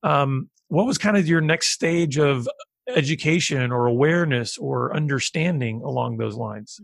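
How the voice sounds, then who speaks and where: A man's voice: medium pitch, animated, normal speed, creaky, dry recording, clean studio sound. A man hosting an interview, asking long, thoughtful questions. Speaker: podcast host.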